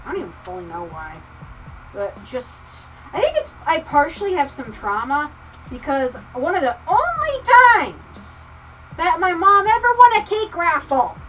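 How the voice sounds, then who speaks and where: A woman livestreamer chatting casually with viewers, ranting with profanity and swinging from muttering to near-shouting. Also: high voice, sing-song, measured pace, far from the mic, a little hiss or hum, low-quality recording. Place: home craft room. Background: soft lofi music.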